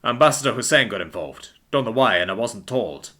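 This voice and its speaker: Man doing a brisk commanding army major. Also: mid-range voice, lively intonation, pushed and bright. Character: gruff stressed male army major.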